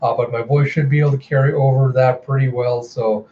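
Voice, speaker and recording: A man's voice: mid-range voice, brisk. Chatty man narrating a comic. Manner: chatty, animated retelling. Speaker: comic book reviewer. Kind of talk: casual readthrough narration. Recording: slightly dull home recording with fan hum. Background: fan running.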